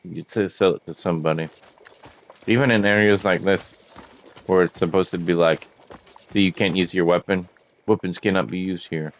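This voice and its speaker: A man giving casual, profane commentary while playing a video game, often laughing and getting excited. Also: low voice, normal speed, long pauses, slight background noise. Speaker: gamer showing a game.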